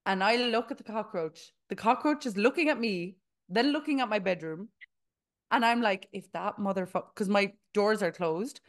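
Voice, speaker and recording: Animated young woman storyteller. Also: mid-range voice, moderate pace. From Ireland. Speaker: podcast co-host. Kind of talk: casual chat.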